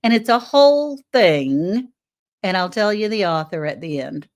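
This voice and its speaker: A woman's voice: medium pitch, expressive, unhurried. An older woman hosting a live stream, chatting with viewers by name and reading a short piece aloud. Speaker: livestream host. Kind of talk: casual livestream chat and reading aloud.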